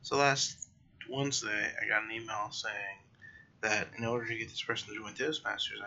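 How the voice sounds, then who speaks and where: Tired guy rambling on his podcast, gravelly bright voice, kinda dull lo-fi sound. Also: lowish voice, steady tone, moderate pace. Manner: rambling, self-correcting, yawning late at night. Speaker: podcast host. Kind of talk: casual solo monologue.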